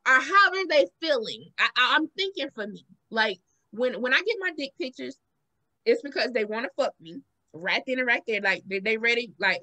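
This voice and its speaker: A woman with a Southern accent hosts a casual podcast chat, telling stories with lively acted-out quotes. Her voice sits high and sounds bright and forward. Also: brisk. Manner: animated storytelling, acts out quotes with big pitch jumps. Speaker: podcast host.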